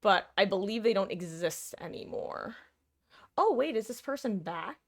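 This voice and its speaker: A woman live-streamer talks to her chat at a desk mic, wandering from topic to topic and catching herself mid-thought. Her voice sits at an ordinary middle pitch, and she laughs easily between asides. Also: animated, moderate pace. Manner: chatty, rambling, self-interrupting, laughs often.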